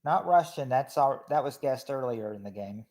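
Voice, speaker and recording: A man from Kentucky, hosting a game night and reading out guesses in a chatty, stop-and-start way, trailing off quietly. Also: medium pitch, expressive, moderate pace. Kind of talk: casual livestream game commentary.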